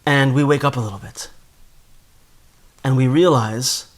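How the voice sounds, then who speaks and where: A man's voice: medium pitch, steady tone, measured pace, pauses often. A man giving a spoken Torah class in an earnest way, often repeating words as he builds a point. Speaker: Torah teacher.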